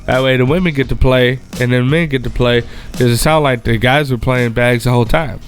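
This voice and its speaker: A man co-hosting a radio show, chatting casually and teasing his partner with quick remarks. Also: mid-range voice, steady tone. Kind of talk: casual chat.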